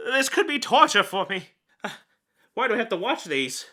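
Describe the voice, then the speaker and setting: A man delivers a comedic film review in a voice of sharp, piercing brightness. His talk is sarcastic and grumbling, laced with self-pitying jokes. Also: high voice, very animated, moderate pace. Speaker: film reviewer hosting a show.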